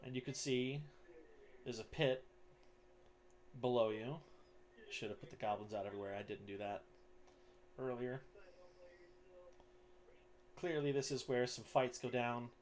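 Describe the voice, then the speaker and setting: A man's voice: medium pitch, a little slow, pauses often. A man narrating as game master of a tabletop game, laid-back with lots of ums and uhs.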